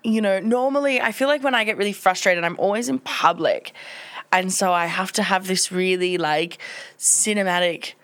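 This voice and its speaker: A woman's voice: mid-range voice, moderate pace, a bit bright, smooth. A woman co-hosting a podcast, chatting casually and laughing as she tells her story. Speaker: podcast co-host. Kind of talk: casual chat.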